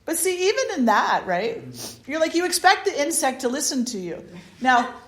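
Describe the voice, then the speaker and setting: A woman leading a satsang as a spiritual teacher, giving an informal talk full of anecdotes, animated and chatty, often laughing and restarting her sentences. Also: high voice, normal speed, a little hiss or hum. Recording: roomy echo.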